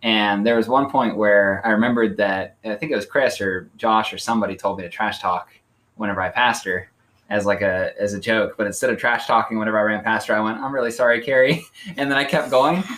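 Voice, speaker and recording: A man's voice: lowish voice, brisk, fairly bright tone. A man co-hosting a casual podcast chat about running. He rambles with many fillers and pokes fun at himself. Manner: rambling, lots of fillers like "like" and "um", self-deprecating. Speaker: podcast co-host.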